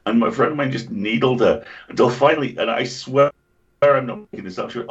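A man's voice: medium pitch, brisk, slight background noise. A man with an English accent, co-hosting a casual podcast chat and telling stories with lots of swearing. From England. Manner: swears freely, animated storyteller. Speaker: podcast co-host.

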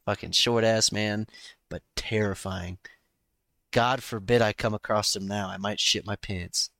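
Brief: male co-host, low voice, dry close sound, casual and profane. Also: fairly even intonation, unhurried, gravelly, pushed and bright, dry recording. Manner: profane, joking. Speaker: podcast co-host. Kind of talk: casual chat.

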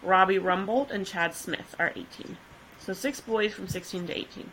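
Bright-voiced woman podcast host. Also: mid-range voice, moderate pace, a little hiss or hum, low-quality recording. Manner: chatty, laughs easily, relaxed storytelling with fillers. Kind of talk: casual chat, telling a case.

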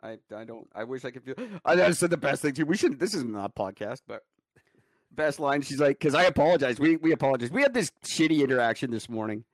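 A man's voice: mid-range voice, animated, fast, dry recording. A man co-hosting a podcast, telling profane, joking stories in casual chat. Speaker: podcast co-host.

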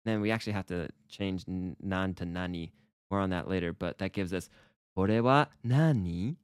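A man's voice: low voice, steady tone, fairly quick, clean tone, no echo, clean studio sound. A man co-hosting a casual Japanese lesson podcast, explaining in a playful, upbeat way. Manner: upbeat, playful explaining with acted example phrases. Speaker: co-host teaching Japanese.

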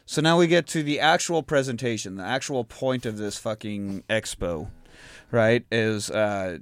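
A man's voice: lowish voice, unhurried, clear, resonant tone, no room sound. A man hosting a casual podcast, recapping a movie in a rambling, profane way and laughing often. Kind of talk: casual chat.

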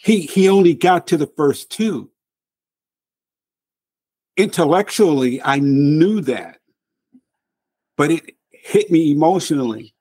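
A man's voice: on the high side, animated, takes it slowly, long pauses, mellow, husky. A man, a podcast guest and author, recounting a painful personal story in an earnest, emotional way, often repeating words for emphasis.

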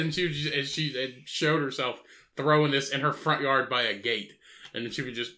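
A man co-hosting a casual podcast, telling crude, animated stories. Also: mid-range voice, moderate pace. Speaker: podcast co-host.

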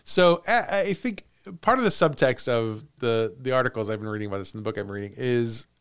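A man's voice: medium pitch, expressive, fairly quick, clear, resonant tone. A man hosting a podcast, telling a haunted-house story in casual chat. He laughs often and trails off into restarts.

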